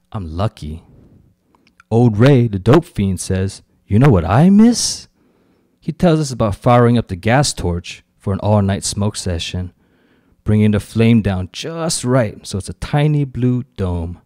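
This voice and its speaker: A man's voice: fairly low pitch, a little mellow, dry recording. A man reading his own fiction aloud at a live event, telling a first-person story with gritty street slang and brief put-on voices for quoted characters.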